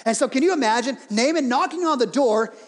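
A man preaching a sermon, telling a story in a lively way with joking modern asides. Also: very high-pitched, fairly quick. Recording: reverberant hall.

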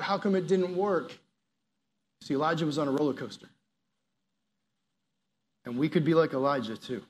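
A man preaching a sermon as a youth pastor, animated, acting out quoted prayers and dropping to soft, earnest appeals. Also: fairly high pitch.

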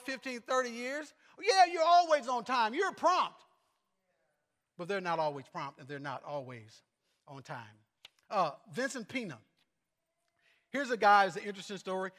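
A male preacher tells stories from his ministry in a high, earnest voice that stumbles and repeats words now and then. His sermon echoes with a long reverb, as in a large church sanctuary. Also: a bit bright.

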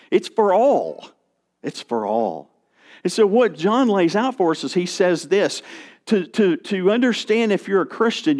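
A man preaching a sermon as pastor, speaking with strong emphasis and occasional restarts. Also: sits high. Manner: expressive preaching with rising and falling emphasis, some restarts.

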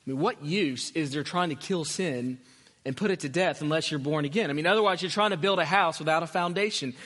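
A man's voice: a little high, fairly quick, fairly bright tone. A man preaching a sermon as pastor, earnest and emphatic, repeating his key phrases. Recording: long hall reverb.

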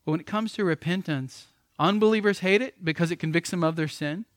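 A man's voice: a little high, a little fast, dry recording, studio quality. A man who is a pastor, preaching a sermon with emphatic repetitions.

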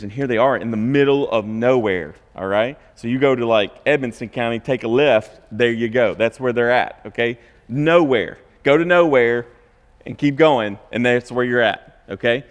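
A man's voice: mid-range voice, normal speed, in a large hall. A man preaching a sermon in a conversational way, asking rhetorical questions and checking in with his listeners. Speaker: pastor.

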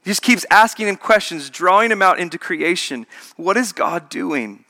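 A man's voice: sits high, lively intonation, normal speed, sharp tone. A man preaching a sermon in an emphatic, repetitive way, building each point through contrasts.

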